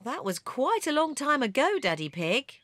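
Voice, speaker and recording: A woman's voice: high-pitched, moderate pace, no room sound, studio quality. A sensible mother pig. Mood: patient. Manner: calm, mildly chiding. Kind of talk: cartoon voice acting.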